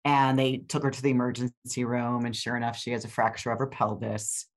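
A woman's voice: a bass voice, little pitch movement, a little fast. An older woman co-hosting a podcast, chatting casually and rambling with restarts and fillers. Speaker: podcast co-host. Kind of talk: casual chat.

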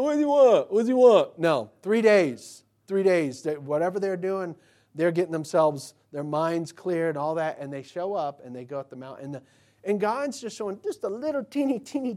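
A man preaching a sermon, talking casually and shifting from quiet asides to loud outbursts. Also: a little high. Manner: conversational preaching, swinging between soft asides and loud bursts. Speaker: pastor.

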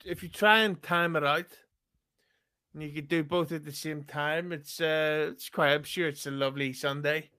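A man's voice: on the high side, fairly even intonation, normal speed, sharp tone. A man teasing the others in a crude casual podcast chat. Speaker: podcast guest.

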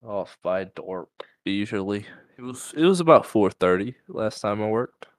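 A man's voice: fairly low pitch, expressive, moderate pace, no echo. A man co-hosting a podcast in casual chat, a bit tipsy, laid-back and rambling, swearing and joking. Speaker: podcast co-host. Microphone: studio mic, no camera.

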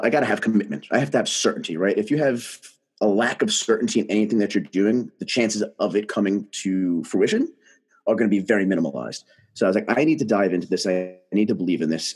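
Husky-voiced man telling a story. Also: on the low side. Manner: animated, emphatic storyteller. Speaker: guest. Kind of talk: casual conversation, storytelling.

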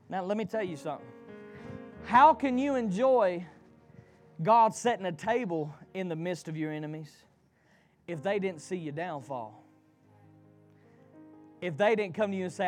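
A man with a very high voice delivers a sermon, calling on the congregation to answer him back. He swings between loud shouted lines and low, hushed passages, with faint music under his voice. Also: normal speed. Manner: call-and-response preaching, swinging from shouts to low murmurs. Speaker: preacher.

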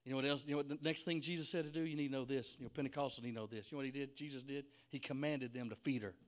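A man preaching a Pentecostal sermon, telling the story dramatically and acting out the voices, swinging from whispers to shouts. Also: mid-range voice, fairly even intonation, very fast.

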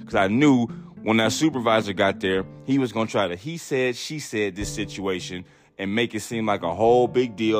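A man hosting a podcast, telling a story in a casual, profane, animated way, acting out other people's voices. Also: on the low side. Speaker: podcast host.

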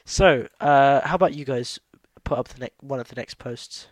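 A man's voice: medium pitch, moderate pace. A man hosting a podcast in casual chat over a voice call. He laughs often and restarts his sentences. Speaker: podcast host.

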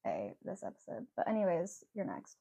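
A woman's voice: mid-range voice, sing-song, fairly quick, vocal fry, mellow, breathy edge. A woman co-hosting a casual podcast chat, blunt and swearing freely. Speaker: podcast co-host.

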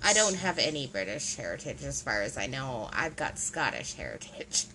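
A woman's voice: rumbling low, very animated, moderate pace, bright, forceful tone, slight background noise, low-quality recording. A woman co-hosting a casual podcast, explaining things patiently with lots of "like" and "right?" checks. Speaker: podcast co-host.

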